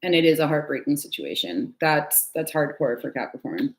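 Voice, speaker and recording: Chatty, lower-voiced woman reading tarot. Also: sing-song, normal speed, a little hiss or hum. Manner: chatty and candid, swears and sighs. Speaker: tarot reader. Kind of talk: casual live tarot reading. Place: at home.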